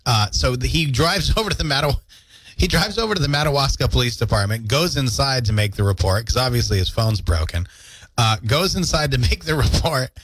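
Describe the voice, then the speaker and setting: Morning radio host, male, lively joking delivery, studio mic. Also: mid-range voice, brisk, slightly rough, dry recording. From Canada. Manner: jokey, animated storytelling with laughs. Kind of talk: casual morning radio banter.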